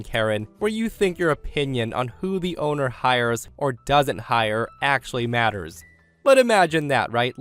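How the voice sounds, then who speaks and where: Guy narrating a reddit-style story, middle pitch, very animated delivery.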